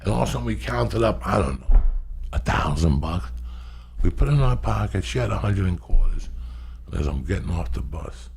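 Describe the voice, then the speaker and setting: Gravelly, raspy man telling stories. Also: sits low, brisk. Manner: loud, profane and animated. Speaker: podcast host. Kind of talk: casual storytelling.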